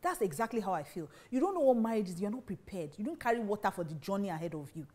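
Brief: woman, marriage preacher; brisk, emphatic delivery; warm, mellow voice. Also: medium pitch, very animated. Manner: emphatic, fires rhetorical questions. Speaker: Christian marriage teacher. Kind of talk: preaching talk to women.

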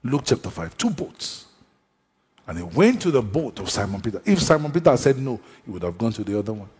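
A man preaching a sermon at a church service. His delivery swings between shouted calls and low, drawn-out phrases. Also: big pitch swings, slightly rough. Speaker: pastor. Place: church service with a seated congregation. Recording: long echo of a large hall.

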